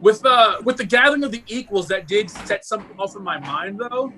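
High bright-voiced man hosting a podcast. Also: fairly quick, soft background music, poor audio. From Maryland. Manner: laughs easily, relaxed and chatty. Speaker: podcast host. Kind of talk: casual interview chat. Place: at home.

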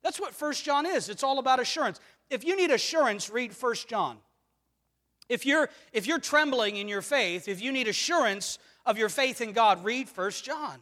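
Guy preaching a sermon, asks the room lots of questions, gets loud then soft, church echo all around. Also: extremely high pitch, animated, normal speed. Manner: earnest preaching, rhetorical questions, swells and drops in volume. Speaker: pastor. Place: church sanctuary. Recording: long reverb of a church hall.

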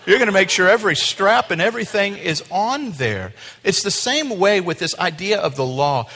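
A man's voice: high-pitched, moderate pace, few pauses. Preaching man in a reverberant hall. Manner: animated preaching with acted-out voices and sudden drops to quiet. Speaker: pastor. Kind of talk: sermon. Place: church sanctuary.

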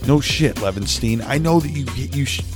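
A man's voice: mid-range voice, lively intonation, normal speed, music in the background, pitched above the performer's own voice, natural voice. A man voicing a panicked young party bro. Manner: loud bro-ish shouting, held back to a hushed yell. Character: brash young party guy, panicking midair.

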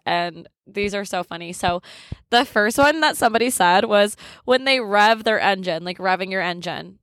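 A woman's voice: medium pitch, a bit bright, dry recording, studio quality. A young woman hosting a podcast in a candid, casual chat, laughing often and swearing freely. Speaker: podcast host.

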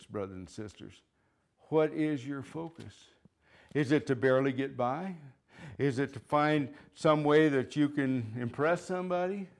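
A man preaching a sermon, fervent and emphatic, repeating phrases and swinging between loud declarations and quiet asides. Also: mid-range voice, gravelly. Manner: fervent, rising and falling in loudness, chuckles between points.

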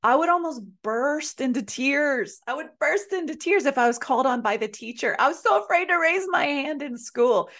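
Earnest woman podcast host, slightly high voice. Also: expressive, normal speed, few pauses, a bit bright. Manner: earnest, emphatic, repeats phrases for effect. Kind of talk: personal storytelling monologue.

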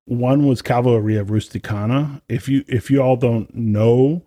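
This podcast co-host, a brass musician, rambles through a casual chat full of fillers and restarts. His mid-range voice is warm and steady at a normal speed, captured in a dry recording of studio quality.

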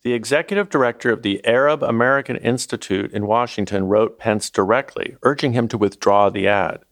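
A man narrating a documentary as its host, in a measured, scripted delivery. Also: mid-range voice, no echo, studio quality.

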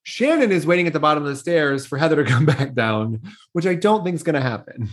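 A woman's voice: sits low, expressive, quick pace. A woman co-hosting a casual podcast, walking through a TV episode's events with playful laughs. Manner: storytelling recap, frequent laughs, playful. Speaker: podcast co-host. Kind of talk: casual chat recapping a TV episode.

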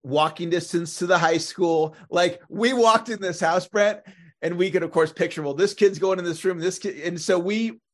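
A man with a slightly high voice co-hosting a sales podcast. He speaks in a measured, reflective way and sometimes pauses on fillers as he thinks. The tone is that of a seasoned sales trainer talking things through. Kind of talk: podcast conversation.

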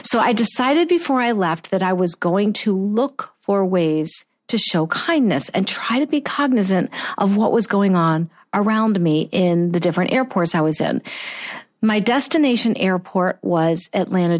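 A woman's voice: mid-range voice, expressive, normal speed. A middle-aged woman telling a personal story in an earnest, heartfelt way, often restarting her sentences. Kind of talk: personal anecdote, reflective storytelling.

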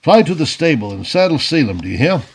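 A man doing an excitable old miser of a gentleman, gushing and boastful, his husky voice pitched high and leaping all over the place. He bellows and fusses like a storybook villain. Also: fast talker, exaggerated voice. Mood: shouting, scolding. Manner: exclamatory, gushing, loud shouting.

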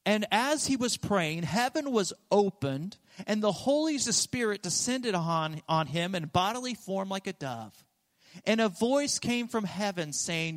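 A man's voice: high voice, lively intonation, unhurried. A man preaching a sermon as pastor, earnest and emphatic, repeating his key phrases for weight, in a church sanctuary. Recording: long reverb of a large hall.

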